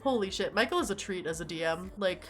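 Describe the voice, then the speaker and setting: A woman's voice: mid-range voice, expressive, fast talker, faint music behind. A young woman hosting her stream, chatting casually, telling stories with lots of "like" and laughing often. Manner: chatty storyteller, laughs a lot, fills with "like". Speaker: streamer host. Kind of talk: casual chat.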